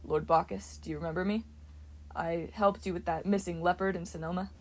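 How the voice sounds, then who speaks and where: A woman's voice: fairly low pitch, fairly even intonation, brisk. A woman voicing a respectful, well-mannered teenage boy hero. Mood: friendly. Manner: polite and respectful.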